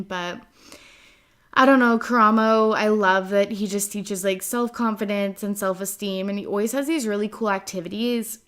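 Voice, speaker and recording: A young Canadian woman hosts her own podcast with a mid-range, sharp-toned voice. In this casual solo podcast chat, she uses lots of filler words and swears casually.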